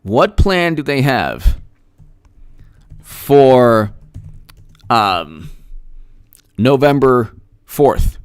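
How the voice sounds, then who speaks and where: A man's voice: mid-range voice, smooth, no room sound, studio quality. A man giving solo political commentary, arguing his points with rhetorical questions, restarts and scoffing laughs. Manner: frequent restarts and fillers, mocking laughs.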